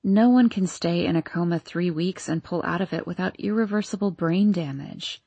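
A woman reading an audiobook, voicing a cold, scheming nurse with a deep, sultry voice and a measured, demanding delivery. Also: vocal fry, mellow, husky, dry recording. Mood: coldly menacing. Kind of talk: audiobook character voice.

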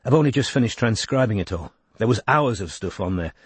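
A man reading an audiobook voices a brisk young woman investigator. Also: lowish voice, lively intonation, slightly rough, dry recording.

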